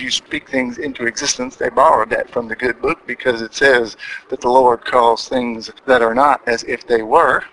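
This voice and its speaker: Folksy older Southern man, high lively voice. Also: far from the mic, low-quality recording. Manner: folksy, rambling, upbeat. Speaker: podcast host. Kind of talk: casual faith-tinged podcast monologue. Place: inside a vehicle used as a mobile studio.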